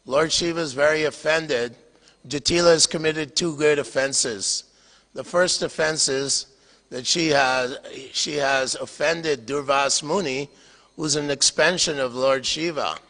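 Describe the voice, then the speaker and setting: A vengeful snake lays out its charges in a stern, accusing tone, told by an older man lecturing. The voice is bright. A long hall reverb trails it. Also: on the high side, a little slow. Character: vengeful snake sent by a god.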